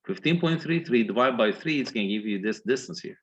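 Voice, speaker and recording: A man's voice: medium pitch, expressive, fairly quick, dull audio. A man with an Egyptian accent giving a university engineering lecture, explaining step by step and often checking that students follow.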